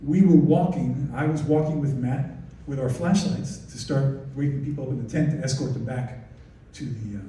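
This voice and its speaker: A man giving a lively slide talk about wildlife photography, excitable and animated, often interrupting himself. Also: mid-range voice, a little hiss or hum. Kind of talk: lively presentation to an audience. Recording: distant echoey hall recording.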